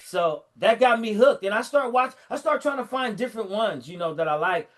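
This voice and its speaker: A middle-aged man in casual chat, animatedly retelling a story and acting out the lines in a lower voice. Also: fairly quick. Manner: animated storyteller, fillers and restarts, acts out quotes in a lower voice.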